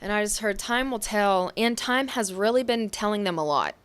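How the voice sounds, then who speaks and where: A young woman giving a tarot reading to her viewers, with a gentle, affectionate manner and frequent intuitive asides. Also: medium pitch, animated, fairly quick, smooth. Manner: intuitive, says what she hears or feels. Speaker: tarot reader. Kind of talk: pick-a-card tarot reading.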